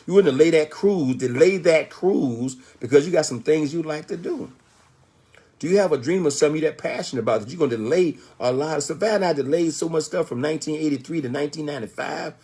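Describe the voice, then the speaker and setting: A man's voice: a little high, a little mellow, slightly rough. An older man giving an emphatic motivational talk, asking rhetorical questions and answering them himself, with frequent "Okay?" checks. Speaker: motivational speaker.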